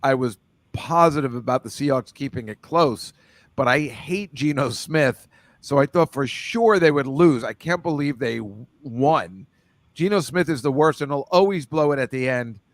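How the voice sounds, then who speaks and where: A man's voice: mid-range voice, no echo. A man hosting a casual football picks chat over a video call, rambling loosely and laughing often. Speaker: host.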